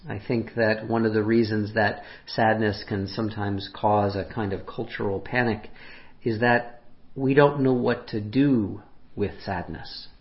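Gentle low-voiced pastor, muffled recording. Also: male voice. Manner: gentle, unhurried, speaks softly and drops to near whispers on quoted lines. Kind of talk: reflective sermon. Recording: muffled lo-fi sermon audio.

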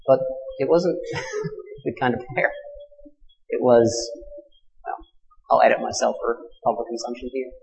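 A man in his thirties, a minister, telling a personal story in a sermon, swinging from fierce loud passages to hushed ones. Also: mid-range voice, gravelly. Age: 30s. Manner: intimate confessional storytelling with dramatic swells and hushed drops. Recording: long hall reverb.

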